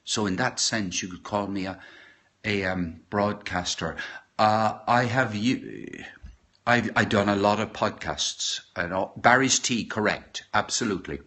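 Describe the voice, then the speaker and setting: A middle-aged Irish man chatting casually on a live stream from his kitchen, rambling and halting with many fillers and restarts. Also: on the low side, pushed and bright. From Ireland. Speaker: podcaster. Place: home kitchen.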